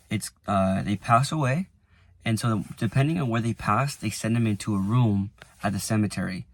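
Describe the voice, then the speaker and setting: A young man talks straight to camera from the driver's seat in a lowish voice. He rambles in loose, filler-heavy sentences and drops soft and quiet when the memories get heavy. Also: no echo. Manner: rambling, lots of "like" and restarts, softens when emotional. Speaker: vlogger. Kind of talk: casual reflective vlog. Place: inside a parked car.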